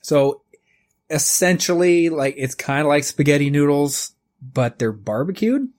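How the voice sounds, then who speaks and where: A man's voice: on the high side, expressive, unhurried, a little mellow. A man in his thirties co-hosting a podcast in casual chat, rambling and swearing freely, often laughing. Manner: rambling, profane, laughs easily. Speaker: podcast co-host.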